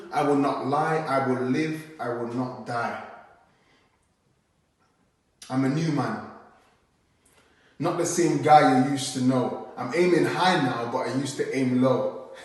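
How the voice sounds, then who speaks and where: A man performs rhyming spoken word poetry in a calm, earnest voice. He takes each line slowly and lets it land. The sound bounces around a very echoey room, and he stands back from the mic. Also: mid-range voice, distant mic.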